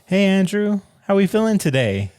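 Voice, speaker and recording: A man voicing a cheery, gently probing female school therapist in a sing-song, overly sweet voice. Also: high-pitched, sing-song, normal speed, smooth, pitched above the performer's own voice. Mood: sweetly probing.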